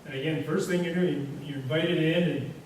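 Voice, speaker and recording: A man with a somewhat high voice tells rambling, easygoing anecdotes to a room, his words scattered with "you know". He is caught from a distance in a very echoey hall with a faint hiss underneath. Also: fairly even intonation, a little fast. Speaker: guest speaker. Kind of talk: casual storytelling presentation.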